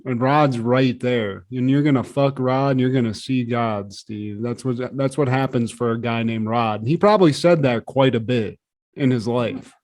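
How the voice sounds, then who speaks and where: A man co-hosting a podcast in casual comedic chat, crude and animated, often acting out quoted voices. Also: medium pitch, moderate pace. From Southern California. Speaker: podcast co-host.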